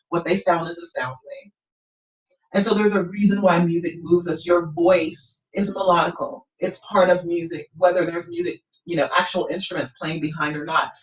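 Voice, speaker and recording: A woman coaching students in an encouraging way, often checking in with "okay?". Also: on the low side. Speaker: business coach. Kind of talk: coaching lesson. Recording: roomy, distant, dull lo-fi sound.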